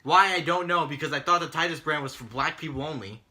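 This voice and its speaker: Cast: male co-host, bright, somewhat high voice, exasperated and mocking rant delivery. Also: fast talker. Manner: exasperated, mocking, swears often. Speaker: podcast co-host recapping wrestling. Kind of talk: casual profane rant.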